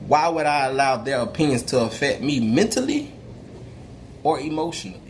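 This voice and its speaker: A man's voice: mid-range voice, very animated, moderate pace. A young man gives a motivational faith talk straight to camera, speaking in a mid-range voice. His delivery is emphatic and preachy, full of slang and stumbling restarts. A faint hiss sits under his voice. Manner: preachy, testifying tone. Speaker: vlogger.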